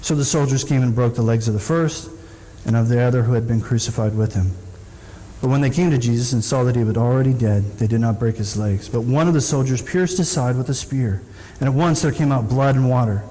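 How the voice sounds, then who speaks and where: A man's voice: mid-range voice, fairly quick, dark tone. A man preaching a sermon as pastor, who acts out the people in the story with sudden raised voices. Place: church sanctuary. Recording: echoey church hall, faint noise.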